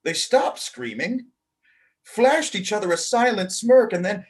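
A man hosting a show, reading a children's story aloud in a playful, expressive manner. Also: high-pitched, unhurried. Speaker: host and storyteller.

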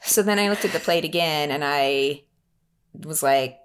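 A woman chatting casually, telling a story in a lively, self-mocking way and putting on the voices of the people in it. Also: low-pitched, unhurried, clean tone. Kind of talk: casual chat.

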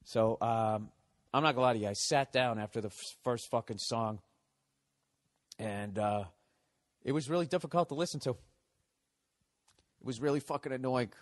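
A man's voice: medium pitch, moderate pace, long pauses, dry recording. A middle-aged man hosting a podcast, telling a rambling, profane comedic rant. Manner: profane, ranting. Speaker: podcast host.

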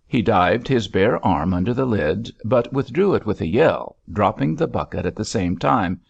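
A man reading a story aloud in measured, expressive scripted narration. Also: lowish voice, gravelly, slightly rough. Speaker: audiobook narrator. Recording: dull lo-fi recording.

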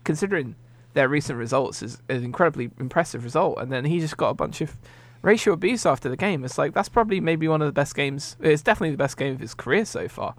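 An Englishman co-hosting a casual podcast chat. His voice has a gravelly, fry-edged texture. He talks in an exasperated way and trips over repeated words as he restarts. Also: a little high, lively intonation, fast talker, dry recording. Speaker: podcast co-host.

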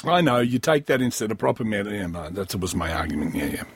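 A man's voice: on the low side, sing-song, fairly quick, breathy edge, no room sound. A man hosting a comedy podcast, riffing crudely and sardonically on a news story, wheezy and coughing often. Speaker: podcast host.

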